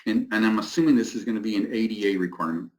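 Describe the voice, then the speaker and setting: A man's voice: on the low side, racing, darkish tone, low-quality recording. A man giving a technical building-code presentation and answering questions, with many fillers. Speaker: product representative presenting.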